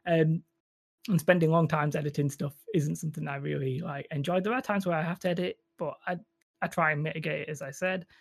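A man's voice: on the high side, fairly even intonation, brisk, gravelly, dry recording. A man with a Northern English accent, chatting casually as a podcast guest in a rambling, self-deprecating way. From Northern England. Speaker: guest YouTuber.

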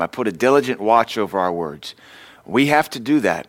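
A man's voice: on the low side, animated, normal speed, no echo. A man pastor delivering a conversational sermon lesson, mixing scripture with personal stories told against himself. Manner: conversational preaching with self-deprecating stories. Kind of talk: sermon teaching.

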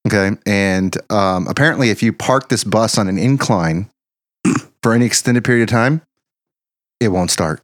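Brief: male musician telling road anecdotes, profane and animated, dry sound. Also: lowish voice, normal speed, no echo. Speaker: band member telling tour stories. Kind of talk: casual storytelling chat.

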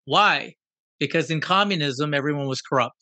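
A man telling a story in a lively talk, with a bright, forceful voice pitched a little high. He throws out rhetorical questions as he goes. The sound is close and dry. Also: moderate pace, no echo. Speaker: guest. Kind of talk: conversational storytelling.

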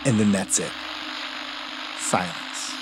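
Male game master, measured horror storytelling, music bed behind. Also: low voice. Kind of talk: narrating a tabletop horror game.

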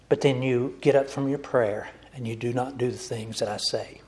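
A man delivers an earnest sermon in a husky, slightly rough voice. He speaks to his listeners directly and calls them folks. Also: mid-range voice, fairly even intonation, moderate pace, few pauses. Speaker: preacher.

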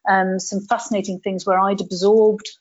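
Woman co-host; thoughtful, meandering chat at a middle pitch, lo-fi recording. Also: level tone, normal speed, darkish tone. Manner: thoughtful, rambling, many fillers. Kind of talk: casual chat. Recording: dull lo-fi audio.

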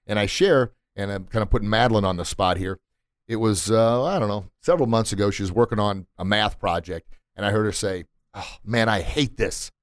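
A man's voice: on the low side, fairly quick, no room sound. A middle-aged man hosting a motivational podcast from a recording studio, preachy and emphatic, hammering points home by repeating words. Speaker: podcast host. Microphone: studio mic.

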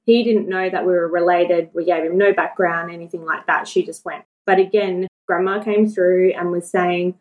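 A woman, talking in a lower register. She tells her story in a relaxed, chatty way, laughs often and slips into the voices of the people she quotes. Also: normal speed, few pauses, poor audio. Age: 40s. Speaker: guest. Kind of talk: casual storytelling interview.

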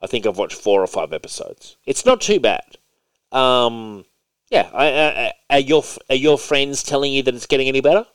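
A man's voice: mid-range voice, lively intonation, moderate pace, dry recording. A man hosting a podcast who chats casually and bluntly, teasing his co-host. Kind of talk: casual chat.

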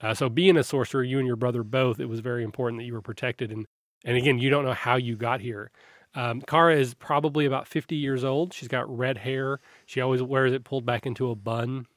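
A man narrating a tabletop role-playing game as game master, describing scenes in a relaxed, rambling way. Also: medium pitch, brisk, no echo, clean studio sound. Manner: descriptive, relaxed, with frequent restarts.

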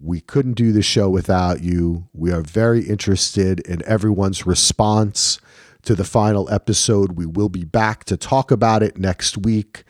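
A man's voice: low-pitched, measured pace, a little mellow, no room sound, clean studio sound. A man from New Jersey co-hosting a casual TV recap podcast, rambling loosely with frequent ums. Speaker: podcast co-host.

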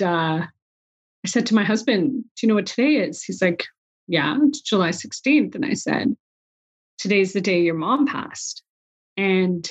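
A woman in her forties telling a personal story in an interview, quoting dialogue and sounding emotional. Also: medium pitch. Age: 40s. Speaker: guest. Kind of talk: conversational interview.

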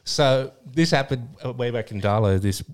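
A man's voice: mid-range voice, moderate pace. A man co-hosting a casual podcast chat, laughing easily and telling stories. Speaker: co-host.

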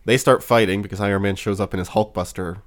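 A man's voice: on the low side, steady tone, fast. A man co-hosting a podcast, rambling in casual chat with many fillers and wry laughs. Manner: rambling, lots of fillers and restarts. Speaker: podcast co-host.

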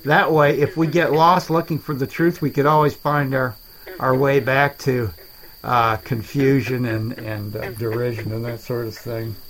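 A man voicing a rambling, self-deprecating alligator in a swamp, talking in halting starts in a comedy dialogue. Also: medium pitch, flat delivery, a bit bright, low-quality recording. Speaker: main character of a comedy podcast.

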